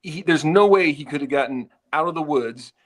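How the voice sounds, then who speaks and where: At a live Q&A, a retired FBI agent appearing as a guest speaks earnestly, often stammering and restarting his sentences. His voice is fairly high and his pace moderate.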